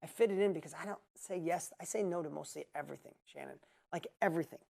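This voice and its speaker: A man's voice: fairly high pitch, fast, creaky, a little mellow. Blunt, emphatic male coach. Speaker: business coach and host. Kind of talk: live coaching Q&A.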